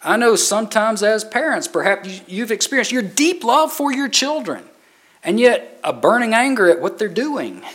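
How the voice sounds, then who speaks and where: A man's voice: high voice, sing-song, normal speed, fairly bright tone. A man preaching a sermon as pastor, reading scripture aloud and driving points home with repetition.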